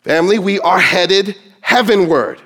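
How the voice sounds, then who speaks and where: A man's voice: sits high, expressive, unhurried, fairly bright tone. A man preaching a sermon to his congregation, emphatic and quoting scripture in dramatic voices. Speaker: pastor.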